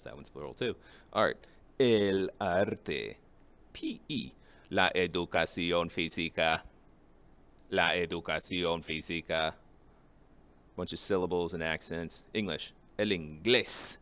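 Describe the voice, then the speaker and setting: A man's voice: sits low, bright, forceful tone. A man teaching a Spanish vocabulary lesson, reading each English word and then its Spanish match, and asking the class rhetorical questions.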